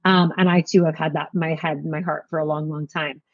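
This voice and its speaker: A woman from Canada, guest on a podcast, talking in an animated, earnest self-help way. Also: sits low, quick pace, vocal fry, no room sound, narrow, tinny audio. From Greater Toronto Area, Canada. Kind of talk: casual conversational interview.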